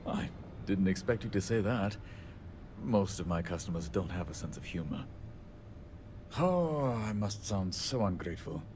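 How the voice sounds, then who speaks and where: A man's voice: low-pitched, lively intonation, a little slow, long pauses, a little mellow, a little hiss or hum. An actor playing a short-tempered, self-deprecating male handyman in a video game, speaking in a wry, joking way. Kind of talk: video game character dialogue.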